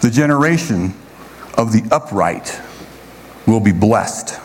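A man preaching a sermon to a congregation in a relaxed, conversational way, often checking in with his listeners. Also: fairly low pitch, slow pace, a little hiss or hum. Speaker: pastor.

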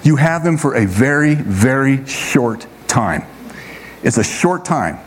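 A man preaching a sermon to a congregation in a relaxed, conversational way, often checking in with his listeners. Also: medium pitch, takes it slowly, a little hiss or hum. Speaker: pastor.

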